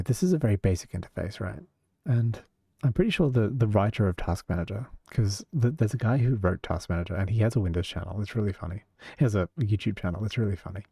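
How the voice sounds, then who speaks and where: A man's voice: lowish voice, husky, no echo, clean studio sound. Australian man chatting on stream. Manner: rambling, laughs often, lots of "like". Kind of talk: casual live-stream chat. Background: loud music.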